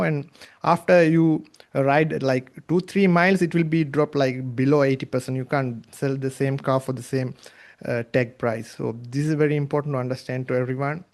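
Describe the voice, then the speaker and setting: Halting male podcast host. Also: fairly high pitch, darkish tone. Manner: halting, many filler pauses. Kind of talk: interview hosting.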